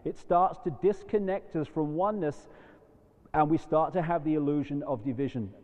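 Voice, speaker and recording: A man's voice: fairly high pitch, moderate pace, darkish tone. A man giving a rambling, impassioned live lecture to an audience. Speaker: public speaker. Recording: dull lo-fi recording in a long-reverb hall.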